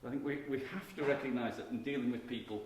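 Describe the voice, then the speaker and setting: This middle-aged man, a marketing professor, delivers a conference keynote fast in a medium-pitched voice. His talk is conversational and emphatic, broken by frequent restarts. It was recorded in an echoey conference hall with faint background noise.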